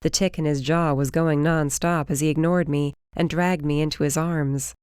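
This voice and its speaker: Low-voiced woman narrating an audiobook. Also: steady tone, moderate pace, a little mellow, smooth, no room sound, studio quality. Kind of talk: first-person fantasy audiobook narration.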